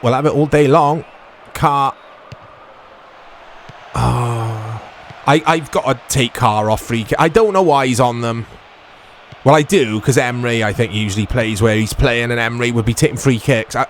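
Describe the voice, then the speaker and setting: A man giving casual let's-play commentary on a football video game, reacting excitably to the play. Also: medium pitch, a little hiss or hum. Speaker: gaming YouTuber.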